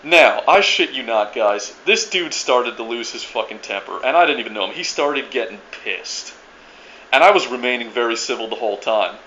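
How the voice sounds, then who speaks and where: A man's voice: medium pitch, animated, normal speed, sharp tone, muffled recording, slight background noise. A man ranting to his viewers in a profane, rambling monologue, full of restarts and stammered repeats. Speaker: video blogger ranting to viewers.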